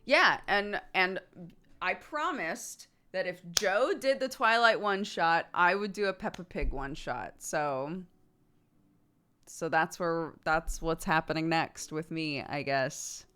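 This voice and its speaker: A woman streamer casually answering chat questions, animated, laughing often and swearing freely. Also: fairly low pitch, slow pace, clear, resonant tone.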